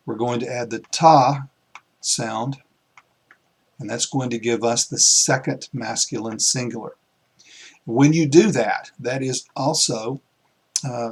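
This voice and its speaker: Husky male teacher explaining step by step. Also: mid-range voice. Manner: explanatory, pauses and restarts while writing. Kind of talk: recorded classroom lecture.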